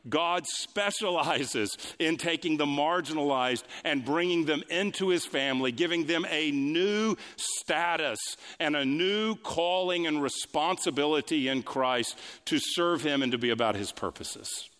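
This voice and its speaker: A male pastor delivering a sermon, building lines through repetition and swinging between raised and hushed delivery. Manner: preaching with sweeping pitch swings, quick asides and repetition. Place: church sanctuary. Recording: long reverb of a large hall.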